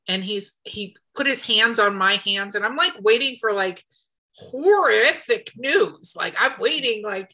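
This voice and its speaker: An American woman co-hosts a casual podcast. Her voice is bright and forward, with a clear, sharp edge. She tells stories in an animated, expressive way. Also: mid-range voice, moderate pace, poor audio. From United States. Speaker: podcast co-host. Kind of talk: casual chat.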